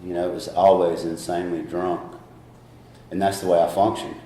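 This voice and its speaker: Southern man, middle-aged, low-ish voice, frank recovery testimony, echoey meeting room. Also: flat delivery, normal speed, noisy background. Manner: candid, rambling, laughs at himself. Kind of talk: personal testimony talk.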